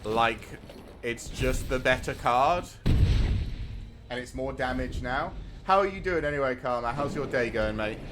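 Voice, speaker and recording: A man's voice: mid-range voice, unhurried, noisy background. A British man in his thirties, a streamer chatting to viewers while playing a card game. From Britain. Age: 30s. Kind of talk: casual gameplay commentary.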